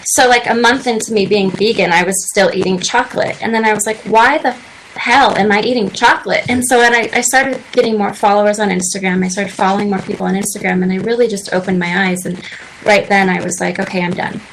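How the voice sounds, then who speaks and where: A woman's voice: mid-range voice, steady tone, quick pace, slight background noise, low-quality recording. A woman in her twenties chatting earnestly as a guest on a radio talk show, telling her story at length. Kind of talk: casual interview chat. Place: radio studio.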